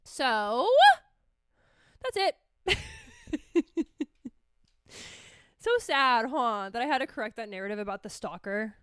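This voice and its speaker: A woman's voice: fairly high pitch, animated, slow pace, pauses often, a bit bright, smooth, no echo. A woman hosting a casual solo podcast, telling rambling comic stories and swearing freely. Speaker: podcast host.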